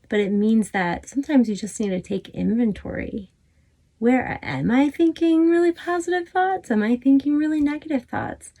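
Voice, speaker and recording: A woman instructor gently guiding a stretching class, talking close to the camera from a small closet. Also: fairly low pitch, gravelly. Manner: calm, encouraging cues with fillers. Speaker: fitness instructor.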